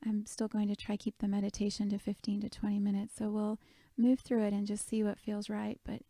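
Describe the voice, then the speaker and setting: A woman leading a guided meditation, speaking softly and gently, often half-whispered. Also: mid-range voice, monotone, fairly quick, dry recording.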